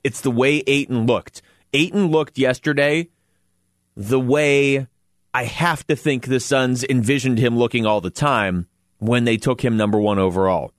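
A man's voice: mid-range voice, no room sound. A man hosting a sports radio show from a studio, talking casually and laughing often between points. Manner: chatty, laughs often, quick asides.

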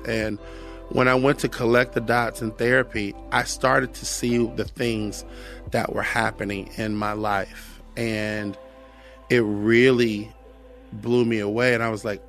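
A man's voice: mid-range voice, gravelly, fairly bright tone. An earnest middle-aged American man sharing a personal testimony, reflective, often repeating phrases. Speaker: guest sharing his testimony.

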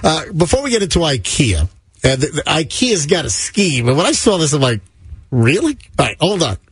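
A man's voice: on the high side, sing-song, slightly rough, no echo. A man hosting a radio morning show, chatting and joking with his co-hosts. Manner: chatty, jokey, quick to laugh. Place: radio studio.

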